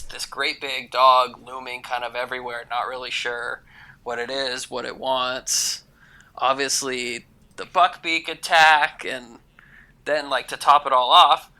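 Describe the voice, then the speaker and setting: A man's voice: mid-range voice, normal speed, sharp tone. A man who is a guest on a casual podcast chat, talking in a wry, rambling, earnest way.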